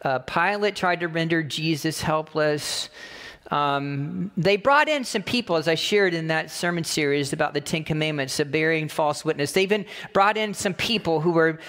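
A man's voice: a little high, moderate pace, hardly any pauses, a bit bright, in a large hall. A man who is a pastor preaching a sermon in an emphatic, conversational way, repeating his key phrases.

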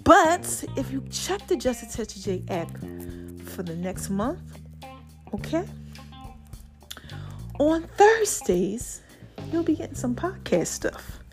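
A woman with a New York accent hosting a podcast in a casual, animated motivational monologue, drawling and breaking into bits of song. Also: high voice, slow pace, pauses often, music in the background. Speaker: podcast host.

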